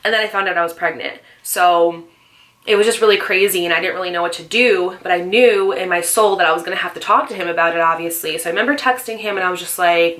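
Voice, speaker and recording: A woman's voice: lowish voice, fast, a bit bright. A woman in her twenties telling her own life story in a candid, emotional vlog, full of "like" and "um". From Northeastern US. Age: 20s. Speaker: vlogger.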